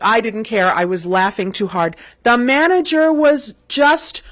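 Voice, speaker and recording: A woman telling a spoken family anecdote in an animated, comic way. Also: on the high side, a little slow, dry recording. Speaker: storyteller.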